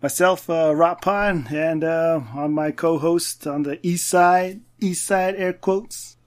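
A man's voice: a little high, fairly even intonation, slow. A man from New Mexico hosting a podcast in an easygoing, upbeat way, often repeating words as he talks. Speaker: podcast host.

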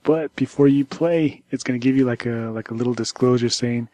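A man co-hosts a casual tech news podcast, talking in a loose, halting way that is full of restarts. His voice is mellow and warm, and it sits at a medium pitch. The recording is dry and close. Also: dry recording. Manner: rambling, halting, many restarts. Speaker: podcast co-host.

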